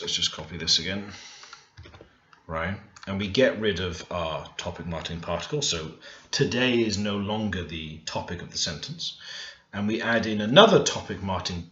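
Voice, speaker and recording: In a screen-recorded grammar lesson, a language learner teaches by thinking aloud and stressing the words in his example sentences. His deep voice is expressive and fairly bright, at a normal speed. The room is echoey and the sound is dull and lo-fi.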